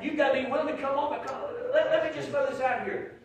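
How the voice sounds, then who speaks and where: A man preaching a sermon as pastor, telling folksy stories and swinging from quiet asides to loud shouts. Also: very high voice, steady tone, quick pace, a crowd in the background. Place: church sanctuary. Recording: very echoey church hall, mic far off.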